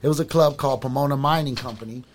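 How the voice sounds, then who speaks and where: A man's voice: mid-range voice, very fast, slight background noise. Rambling middle-aged man telling street stories. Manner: rambling street-slang storytelling. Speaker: storyteller on a podcast. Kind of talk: casual chat.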